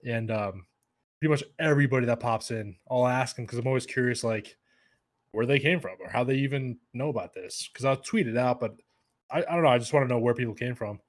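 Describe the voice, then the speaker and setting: A man's voice: mid-range voice, a little fast. A young adult man, a podcast guest, chatting casually and rambling with many fillers and restarts.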